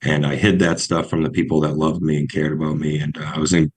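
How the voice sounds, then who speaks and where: A young man with a New England accent telling his recovery story on a podcast, halting and full of restarts. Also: very deep voice, flat delivery, darkish tone, slightly rough. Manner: halting, many ums and restarts.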